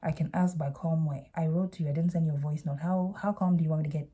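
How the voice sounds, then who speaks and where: A woman's voice: sits low, fairly even intonation, fast talker, mellow, slightly rough. A young adult woman vlogger telling a storytime with a sassy, exasperated edge.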